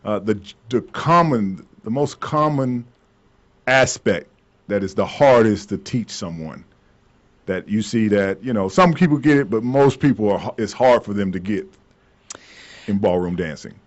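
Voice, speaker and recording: Low-voiced male talk show host. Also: expressive, measured pace. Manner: joking, rambling questions with fillers. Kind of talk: casual interview. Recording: slightly muffled lo-fi sound.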